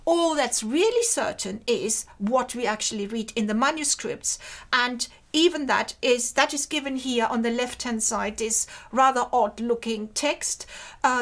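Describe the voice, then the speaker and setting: A woman delivers an academic lecture in a high, bright-sitting voice. She speaks slowly and carefully, weighing each word. When she recites verse she draws the syllables out even further. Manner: careful, measured, slows to recite ancient verse.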